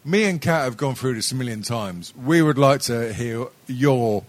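A young man chatting on a podcast, his pitch swinging all over the place as he rambles. He stumbles through restarts, swears freely and laughs along with his own stories. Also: animated, normal speed, no echo. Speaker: podcast co-host. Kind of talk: casual sweary chat.

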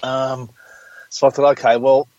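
A man's voice: medium pitch, flat delivery, unhurried, darkish tone, no room sound. An easygoing man co-hosts a casual comedy podcast, grumbling about everyday hassles. He is recorded on a dull lo-fi mic in a dead, dry room. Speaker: podcast co-host.

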